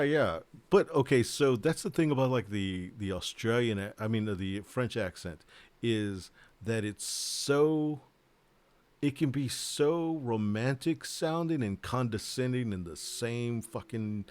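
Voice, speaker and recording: A man's voice: medium pitch, slow pace, no room sound. A man, a board game designer, chatting casually and rambling, joking and swearing as he talks. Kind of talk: casual livestream chat.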